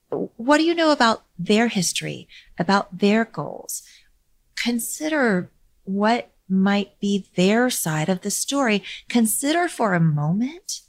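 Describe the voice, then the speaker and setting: A middle-aged woman hosting a podcast, telling a story in a calm, measured way that sinks to a near-whisper for emphasis, with light laughs. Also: medium pitch, vocal fry. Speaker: podcast host. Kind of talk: reflective storytelling monologue.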